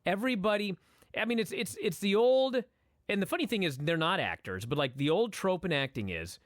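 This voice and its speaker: A male podcast co-host chats casually in a wrestling review, swearing freely and offering blunt opinions in a profane, opinionated, animated manner. His voice sits high and his delivery is brisk, in a dry, clean studio recording.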